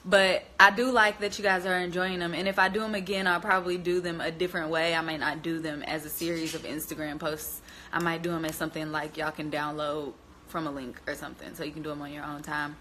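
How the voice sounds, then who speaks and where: A young woman hosting a phone live stream, telling a story in an animated, chatty way and laughing often. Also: low-pitched, fast talker, slight background noise.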